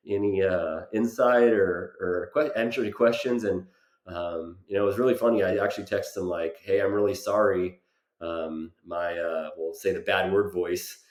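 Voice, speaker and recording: Deep-voiced man telling a halting story. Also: reverberant. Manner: halting, many fillers and restarts. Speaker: vlogger. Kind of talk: casual personal storytelling.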